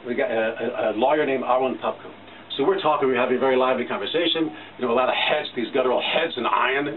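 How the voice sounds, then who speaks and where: Fast-talking, impassioned middle-aged man. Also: medium pitch. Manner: emphatic, impassioned. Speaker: news station staff giving a studio tour. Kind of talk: animated storytelling. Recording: distant tinny recording with faint hiss.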